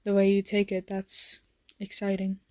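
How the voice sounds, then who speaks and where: A woman doing a cocky young drummer, low playful murmur, flat even delivery, close dry sound. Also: normal speed, no room sound, close to an everyday voice. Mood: teasing.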